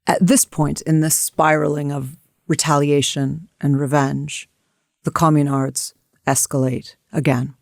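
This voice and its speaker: A woman's voice: deep voice, level tone, a little slow, vocal fry, darkish tone, no room sound, studio quality. An American woman co-hosting a history discussion, telling events in a vivid, emphatic way. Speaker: co-host.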